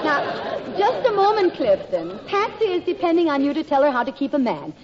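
A woman's voice: high-pitched, big pitch swings, fairly quick, dull audio, over a noisy crowd. A woman hosting a 1940s radio variety show, steering guests with coaxing patter. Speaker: host. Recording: scratchy 1940s radio broadcast with audience.

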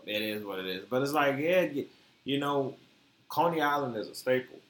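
A man's voice: mid-range voice, lively intonation, normal speed, a bit bright, echoey room. A man with a Detroit accent tinged by a Southern twang, co-hosting a casual adult chat podcast, joking and slangy. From born in Florida, raised in Detroit. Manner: laid-back, joking, slangy, often laughing. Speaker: podcast co-host.

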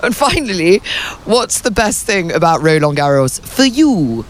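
A man interviewing a tennis player, asking questions with teasing, deadpan jokes. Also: sits high, unhurried. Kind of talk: comedic interview.

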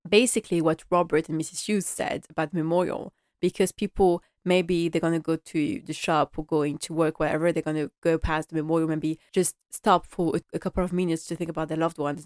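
A woman talks through an episode in a casual, chatty recap, acting out the characters' lines with animation. Her voice sits a little low, and the sound is dry with no room echo. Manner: chatty and animated, acting out quotes, laughing often. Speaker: show recap vlogger.

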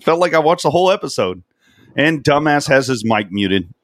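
A man hosting a casual podcast chat who jokes around, laughs easily and asks blunt questions. His pitch moves around a lot, and the sound is close and dry with no room echo. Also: big pitch swings, normal speed. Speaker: podcast host.

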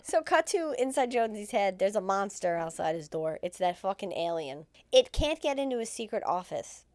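A woman co-hosting a podcast, retelling a film in a casual, profane, animated way and acting out the characters' lines. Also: medium pitch, normal speed, dry recording. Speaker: podcast co-host recapping a film. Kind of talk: casual chat.

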